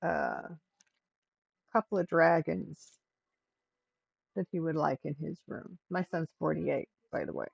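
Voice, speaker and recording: A gravelly older woman takes her time, chatting to her viewers and pets during a home crafting livestream. Her voice is dry and close, with no room echo, and the stream audio is dull and lo-fi. She sounds relaxed and easygoing. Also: sits low, measured pace, long pauses. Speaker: livestream host. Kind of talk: casual livestream chat while crafting.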